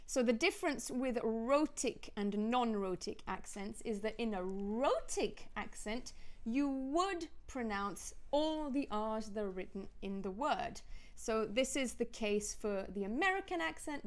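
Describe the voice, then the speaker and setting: A woman's voice: on the high side, animated, measured pace. A woman with a Southern British accent, explaining pronunciation as an accent teacher in a scripted lesson dialogue. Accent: Southern British English. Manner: clear, explanatory, demonstrating sounds.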